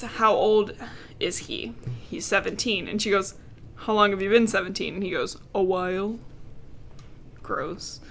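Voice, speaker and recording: A woman's voice: medium pitch, bright, forceful tone, slight background noise. A woman co-hosting a casual podcast, recapping a novel with sarcasm and swearing, mocking the characters' lines. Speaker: podcast co-host recapping a book. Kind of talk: casual chat.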